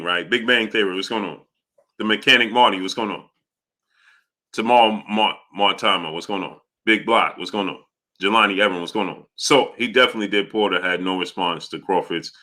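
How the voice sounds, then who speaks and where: A man hosting a casual boxing livestream, giving shout-outs and laughing often as he talks. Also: lowish voice. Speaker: livestream host.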